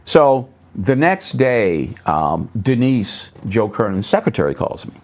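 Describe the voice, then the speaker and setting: At a measured pace, a middle-aged pastor shares stories during a talk show conversation in a local public access TV studio. He's lively, mimicking what others said with sudden rises in pitch and going low on asides.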